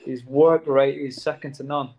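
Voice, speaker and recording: A former footballer talking casually in an interview, earnest and warm toward the players, tacking "mate" onto his sentences. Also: medium pitch, little pitch movement, moderate pace. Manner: earnest, says "mate" a lot.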